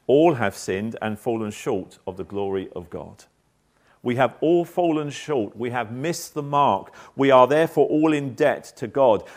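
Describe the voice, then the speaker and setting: A man preaching a sermon, acting out quotes and asking the listeners questions. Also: medium pitch. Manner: animated preaching with acted quotes. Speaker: pastor.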